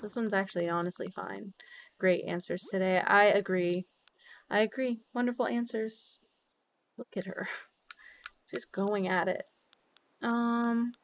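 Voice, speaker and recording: A young woman streamer chatting casually with her viewers while decorating in a game, bubbly and quick to swear. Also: mid-range voice, a bit bright. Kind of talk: casual live-stream chat while gaming.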